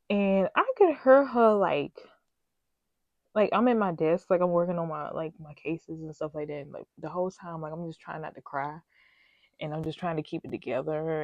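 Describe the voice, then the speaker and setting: Candid lower-voiced woman telling a story. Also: no echo, lo-fi sound. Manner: candid, rambling, emphatic, addresses viewers directly. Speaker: vlogger telling a work story. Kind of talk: casual storytime chat.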